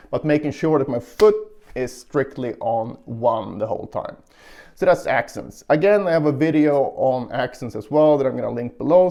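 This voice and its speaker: A man giving a casual guitar lesson, explaining technique calmly and counting beats aloud, with guitar playing behind him. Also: medium pitch, creaky. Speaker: guitar teacher.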